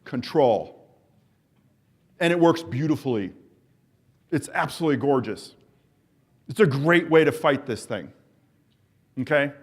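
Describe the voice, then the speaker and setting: A man's voice: mid-range voice, lively intonation, measured pace, long pauses. A middle-aged man presenting at a symposium, leading the audience through an exercise drill, coaxing them along and calling out countdowns with enthusiasm. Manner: enthusiastic, encouraging, coaxes the audience; calls out countdowns and cues to the group.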